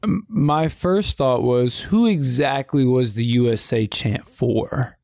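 A man co-hosting a wrestling podcast in casual chat, rambling and animated with frequent restarts. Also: medium pitch, slow pace, creaky, no echo, clean studio sound.

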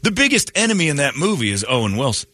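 A man's voice: a little high, quick pace, no echo. A man hosting a morning radio show, telling stories in a sarcastic, ranting way during casual banter. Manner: animated, sarcastic ranting storyteller.

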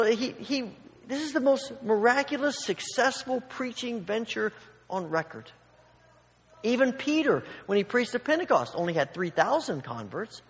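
A man preaching a sermon, telling a story with animated asides and acting out the quoted voices. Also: very high voice, husky. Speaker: pastor. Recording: long hall reverb.

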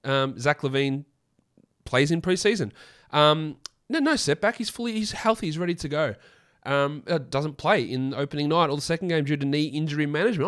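A man hosting a solo fantasy basketball podcast, hoarse from losing his voice, talking in an opinionated, rambling way with frequent self-corrections. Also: on the high side, expressive, brisk, fairly bright tone. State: hoarse from a lost voice.

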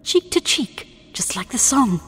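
A woman voicing an eerie, sweet-talking wife who speaks in slow, hushed, sugary tones. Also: a little high, sing-song, faint music behind. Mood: sinister sweet.

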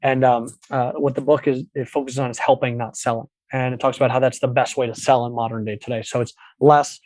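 Man, podcast guest, rapid animated talker, dry close sound. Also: mid-range voice, no room sound. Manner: fast, animated storyteller with many restarts. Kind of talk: casual interview talk.

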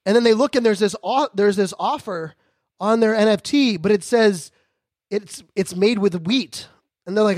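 A man hosting a podcast, talking fast and joking in a high-energy casual monologue. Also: darkish tone, no room sound, clean studio sound. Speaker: podcast host.

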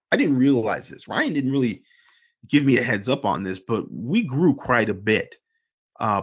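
A slightly husky man co-hosts a casual sports podcast, talking in long rambling runs and slipping into quick mimicked voices of fans. His voice sits at an ordinary middle pitch, and the recording comes through dull and lo-fi. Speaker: podcast co-host and forum moderator. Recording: dull lo-fi sound.

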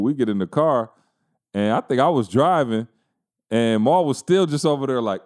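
A man's voice: mid-range voice, animated, normal speed, darkish tone. A man co-hosting a podcast, telling a funny story in loose slangy casual chat and laughing often. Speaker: podcast co-host.

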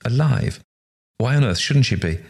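A man voicing a composed, somewhat severe aristocratic lady, brisk in manner. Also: medium pitch, animated, creaky, breathy edge, pitched above the performer's own voice.

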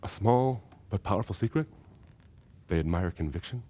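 A man delivers a recorded seminary lecture in a fairly low voice. He talks emphatically, and he often repeats a phrase to drive the point home. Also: expressive, normal speed, warm tone.

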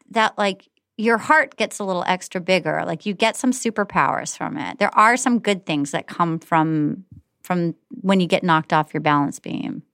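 A woman's voice: medium pitch, fairly bright tone, no room sound, studio quality. A woman author chatting as a guest, rambling and swearing freely, calling people "dude". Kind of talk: casual chat.

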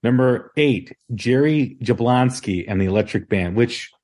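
A man hosting a casual music podcast, talking in a relaxed, rambling way with many ums and restarts. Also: mid-range voice, a little slow. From Chicago area. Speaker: podcast host.

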